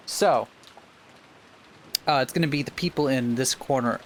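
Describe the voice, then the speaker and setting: A man's voice: mid-range voice, moderate pace, a little hiss or hum. A man co-hosting a let's play of a visual novel. He reads the game's text aloud and chats casually, stumbling over words now and then. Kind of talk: casual playthrough chat, reading game text aloud.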